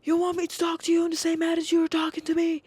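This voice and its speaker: A podcaster voicing a foul-mouthed, furious grandpa customer who yells and swears at a store worker. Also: extremely high pitch, completely flat delivery, racing, no room sound, pitched above the performer's own voice. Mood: furious yelling. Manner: yelling, swearing, indignant.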